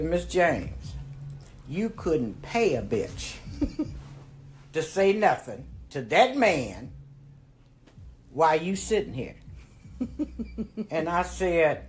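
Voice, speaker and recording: An older woman telling family stories in casual conversation, animated and profane, acting out what people said and breaking into low laughs. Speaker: family storyteller. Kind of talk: casual storytelling.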